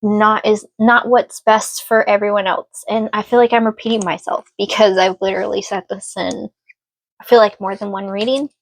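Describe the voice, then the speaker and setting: A woman's voice: medium pitch, level tone, moderate pace, no echo. A woman giving a casual spoken tarot reading, earnest and emotional, speaking reassuringly to her listener. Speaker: tarot reader.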